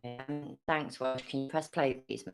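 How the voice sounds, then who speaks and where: A woman's voice: very deep voice, fairly even intonation, measured pace, faint music behind. A woman hosting a live stream, reacting to a video with blunt, sarcastic commentary and plenty of swearing. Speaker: livestream host reacting to a video.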